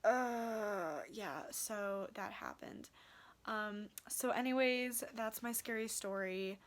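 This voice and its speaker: A woman's voice: mid-range voice, slow pace. A young woman in college, telling a story in a casual vlog, rambling with lots of "like" and "um", tired. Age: young adult. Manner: rambling, heavy use of "like" and "um". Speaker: vlogger.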